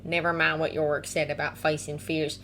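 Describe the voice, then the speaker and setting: A woman voicing a gentle, protective grown man who speaks in a soft, unhurried, comforting way. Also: low voice, flat delivery, a little hiss or hum. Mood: tender.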